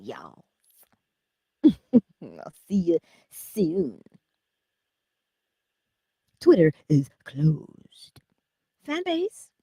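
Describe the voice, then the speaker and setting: Woman host, inspirational livestream; slow, husky delivery with lots of pitch movement, playful and chatty, often drops to a whisper. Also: dark tone, no echo. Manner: chatty, greets viewers by name.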